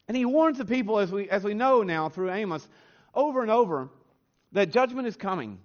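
A man preaching a sermon as a pastor, earnest, his voice rising in pitch and force on emphatic lines. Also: expressive, a little fast. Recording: slightly dull, lo-fi sound.

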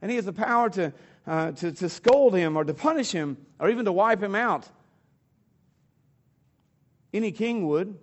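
A man preaches a sermon in a loose, conversational way, often restarting his sentences. His voice sits somewhat high for a man. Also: animated. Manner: conversational, halting, with restarts and fillers. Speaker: pastor.

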